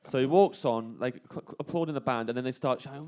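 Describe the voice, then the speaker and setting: A man's voice: medium pitch, fast talker, darkish tone. A man comedian telling a rambling festival anecdote in casual chat, laughing often between lines. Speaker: comedian guest telling a story. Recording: radio studio banter.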